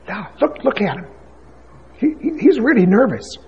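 A preacher voicing a flustered team chaplain. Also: male voice, very high voice, sing-song, normal speed, vocal fry, slightly rough, pitched above the performer's own voice, exaggerated voice. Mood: agitated. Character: nervous, insistent male team chaplain. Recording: dull lo-fi sound with long hall reverb.

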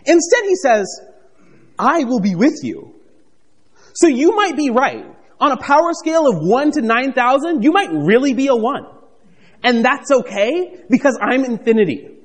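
Animated preacher man in a reverberant hall. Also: very high-pitched, unhurried, husky. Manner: animated, conversational preaching with asides and playful voices for God and Gideon. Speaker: pastor. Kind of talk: sermon.

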